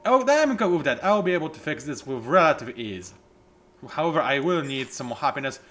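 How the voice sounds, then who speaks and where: With a voice a little high and a pace a little fast, this man narrates his own strategy gameplay as a let's play host. He's animated and pokes fun at himself, breaking into bursts of excitement.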